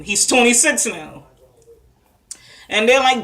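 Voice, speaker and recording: A woman's voice: fairly high pitch, lively intonation, takes it slowly, pauses often, pushed and bright. A woman recapping a TV episode in a casual chatty monologue, full of fillers and asides. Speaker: vlogger reviewing a TV episode.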